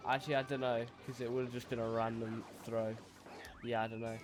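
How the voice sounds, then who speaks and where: A man's voice: medium pitch, level tone, brisk, music in the background. A young man streaming and chatting casually while gaming, laid-back and rambling, often restarting his sentences.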